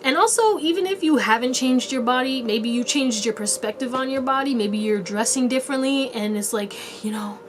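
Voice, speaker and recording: A woman's voice: high-pitched, normal speed, hardly any pauses, a little hiss or hum. A young woman giving a casual pick-a-card tarot reading, chatty and rambling, with playful asides. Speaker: tarot reader.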